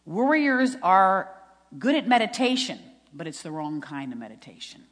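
Brisk and very animated, a middle-aged woman with a low voice shares an earnest testimony sermon at a women's retreat. She quotes scripture and laughs at herself, and the hall gives the sound a long reverb.

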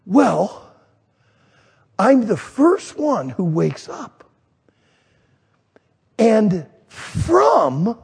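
A man in his sixties, a pastor, preaching a sermon as a folksy storyteller who shouts some lines and drops others to near-whispers. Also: high-pitched, wildly swooping pitch, drawn-out words, gravelly, long pauses, slightly rough. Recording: long hall reverb.

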